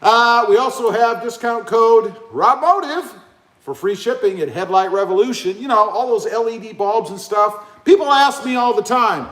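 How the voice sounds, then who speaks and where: A man hosting a casual live stream, rambling and joking as he reads out comments. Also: moderate pace. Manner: rambling, joking, lively pitch swings. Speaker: livestream host. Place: indoor room, 88 degrees. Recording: echoey room.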